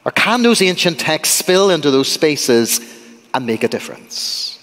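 A man's voice: a little high, big pitch swings, unhurried, a bit bright. A man with a Northern Irish accent preaching a sermon as a guest, conversational and humorous, quizzing the congregation. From Northern Ireland. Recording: church with long reverb.

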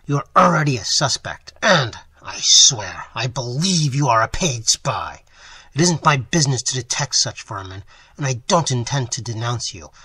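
A man voicing an angry young male artist who scolds and threatens in a loud, forceful voice. He reads him in a storybook reading. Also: medium pitch, sing-song, moderate pace, breathy edge, no room sound, heavily acted.

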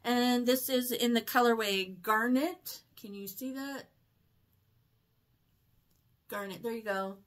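A woman chatting casually in a shopping haul vlog, telling stories in an excitable, chatty way. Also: fairly high pitch, slow pace, long pauses. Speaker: haul vlogger. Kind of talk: casual chat.

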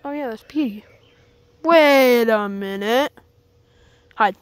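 High-voiced kid owner, a woman doing it, slow and rambly, guessing stuff, bit of background noise. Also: clear, resonant tone, dry recording. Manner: chatty, puzzled guessing, rambling. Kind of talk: fan plush video acting.

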